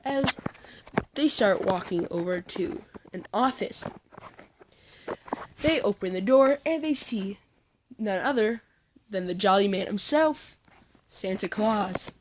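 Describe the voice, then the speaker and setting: A woman narrating a fan story in a rambling, chatty style. She talks slowly at a medium pitch, with faint noise behind her. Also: lively intonation, low-quality recording. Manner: rambling, chatty, uses fillers.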